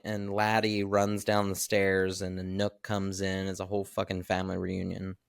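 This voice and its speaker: A man co-hosting a podcast, recapping a film in animated casual chat and swearing freely. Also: low-pitched, normal speed, vocal fry, clean tone, no echo, clean studio sound. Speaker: podcast co-host.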